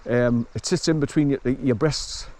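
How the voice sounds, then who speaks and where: Man, mellow voice, outdoor forest walk vlog, chest-mounted mic, rambling and halting, chats to his dog. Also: medium pitch. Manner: rambling, halting explanations with many restarts; talks coaxingly to his dog. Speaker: vlogger. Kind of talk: casual walking vlog. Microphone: chest-harness camera.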